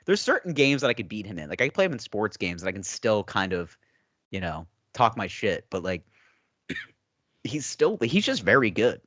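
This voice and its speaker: A man co-hosting a podcast in casual chat, an animated storyteller who acts out quotes and laughs often. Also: lowish voice, moderate pace, no echo. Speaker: podcast co-host.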